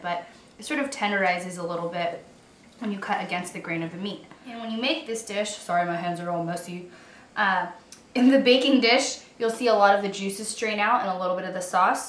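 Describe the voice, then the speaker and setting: A woman's voice: mid-range voice, a bit bright, a little hiss or hum. A woman in her twenties giving a chatty, upbeat cooking demonstration in her kitchen, joking about herself as she goes. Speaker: home cook. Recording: roomy kitchen audio from a distance with faint guitar music.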